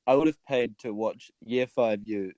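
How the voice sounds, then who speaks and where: A man's voice: mid-range voice, moderate pace, dark tone, no room sound. A young man with a New Zealand accent telling jokey stories in casual podcast chat. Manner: wry, joking storyteller. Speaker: podcast co-host.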